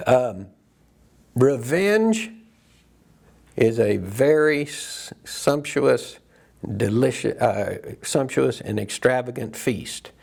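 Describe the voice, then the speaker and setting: A man leading a Bible study, talking in a reflective, loose way with frequent pauses and restarts. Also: medium pitch, vocal fry, a little mellow, breathy edge. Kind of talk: casual teaching talk.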